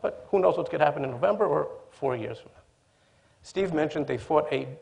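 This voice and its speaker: Male panelist, gravelly voice, measured and emphatic delivery. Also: mid-range voice. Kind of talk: panel discussion.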